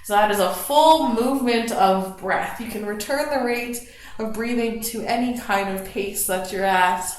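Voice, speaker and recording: A woman leading a gentle yoga class, slowly and softly talking students through breathing and stretches. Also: mid-range voice. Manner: soft, slow guiding cues with gentle encouragement. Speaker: yoga instructor. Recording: very echoey room.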